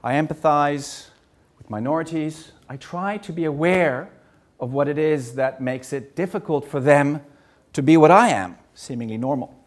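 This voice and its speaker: On stage, a German man in his sixties gives a personal talk in an earnest, measured way, often repeating words. His voice sits on the high side.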